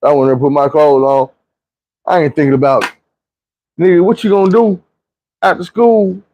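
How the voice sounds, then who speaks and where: A man's voice: on the high side, moderate pace, pauses often, a little mellow. A man casually telling a story from his own life in a slangy, profane, conversational way.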